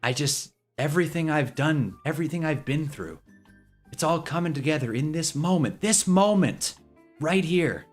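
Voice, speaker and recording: Guy doing a spaced-out football star, all slow and soft and dreamy, kinda quiet, faint music behind. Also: on the high side, expressive. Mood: blissful. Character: dazed, blissed-out male football star.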